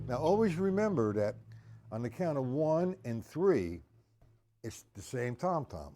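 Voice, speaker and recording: A man teaching drums on a live stream, talking through exercises in a slow, chatty way, greeting viewers by name and scatting rhythms aloud. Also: mid-range voice, very animated, loud music behind the voice. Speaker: drum teacher. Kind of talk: live-streamed drum lesson.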